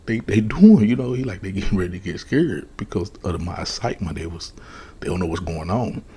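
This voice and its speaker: A man tells a personal story in a hushed ASMR manner. His voice is deep and very breathy. He speaks slowly and earnestly, with many soft whispered words. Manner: slow, hushed, earnest retelling. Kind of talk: ASMR testimony.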